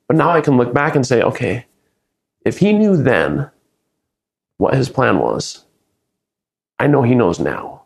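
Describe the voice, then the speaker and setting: A young man sharing a personal faith story in an earnest, reflective way, often restarting his sentences. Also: medium pitch. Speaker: business speaker.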